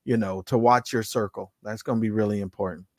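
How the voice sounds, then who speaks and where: A man's voice: lowish voice, steady tone, a little fast, no room sound, studio quality. A man, a guest on a casual talk show, telling stories with mocking impressions and laughter. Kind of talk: casual chat.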